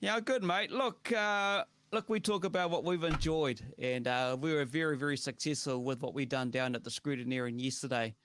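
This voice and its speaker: A man with a New Zealand accent hosting a casual talk show, relaxed and chatty, with lots of "uh" and "you know". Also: fairly high pitch, moderate pace, few pauses, slight background noise. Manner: chatty, relaxed, thanks viewers by name, heavy on fillers. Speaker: show host. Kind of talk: casual podcast chat.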